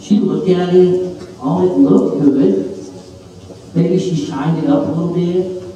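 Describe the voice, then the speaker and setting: A man, preaching an animated, jokey story sermon to kids at camp. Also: high voice, measured pace. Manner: animated, playful, jokey asides. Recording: echoey hall from far off.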